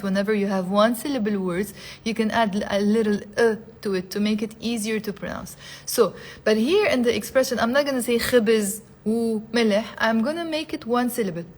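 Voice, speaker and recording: An Arabic teacher with a fairly high voice runs a live online language class, pronouncing each phrase slowly and repeating it several times. She keeps urging her viewers to say it aloud with her.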